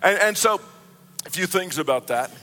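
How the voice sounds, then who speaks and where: A high-pitched man preaching a sermon with a bright, forceful tone. He is earnest and keeps restarting his sentences and repeating words. His voice rings out with a long hall reverb behind it. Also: lively intonation, moderate pace. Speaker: pastor.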